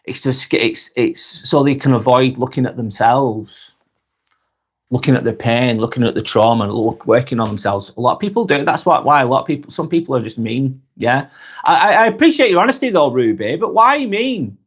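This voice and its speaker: A man with a Lancashire accent, hosting a calm live stream, reading viewers' comments aloud and chatting back in an unhurried way with lots of ums and restarts. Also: medium pitch, husky. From North West England. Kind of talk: casual live-stream chat.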